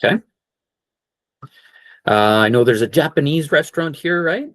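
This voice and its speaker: A man teaching an online English class, slowly repeating each word and checking in with "okay?". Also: a little high, expressive, no room sound. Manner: slow, repeats words for practice, frequent "okay?".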